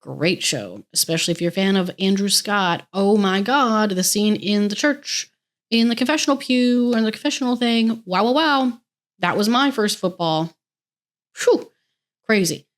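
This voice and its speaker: A woman's voice: medium pitch, normal speed. A young American woman hosting a podcast, chatting on her own in a gushing, rambling way and swearing freely. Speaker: podcast host. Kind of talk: casual solo podcast chat.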